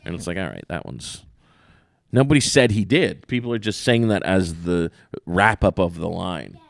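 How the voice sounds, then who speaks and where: A man co-hosting a podcast in casual chat, animated and dismissive as he rants. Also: sits low, normal speed, creaky, dry recording, clean studio sound. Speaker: podcast co-host.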